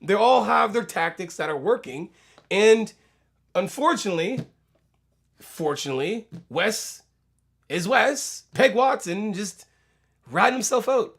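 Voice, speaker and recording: Brief: high-pitched male host, rambling casual commentary, tags lines with "right?". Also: expressive, a little slow, gravelly, pauses often, a bit bright, husky. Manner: rambling, keeps asking "right?". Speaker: host reacting to a video.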